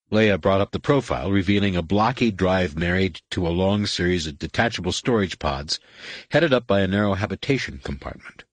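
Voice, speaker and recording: A male audiobook narrator with a husky, low voice tells a scripted story in a steady, measured way. There is no echo on the recording.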